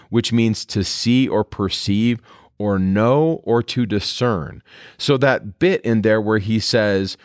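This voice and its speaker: A man hosting a scripture podcast, reading verses aloud and explaining them in a relaxed, conversational teaching manner. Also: on the low side, no echo, clean studio sound.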